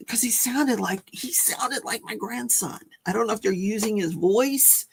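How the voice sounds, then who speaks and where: A woman's voice: mid-range voice, measured pace, vocal fry, few pauses, breathy edge. An older woman, a grandmother, chatting casually as host of a livestream, rambling and correcting herself as she tells a story.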